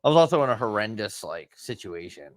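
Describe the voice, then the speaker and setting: A man's voice: fairly low pitch, sing-song, brisk. A man hosting a livestream, chatting casually and talking to his chat. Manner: chatty, reads the chat aloud. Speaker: stream host.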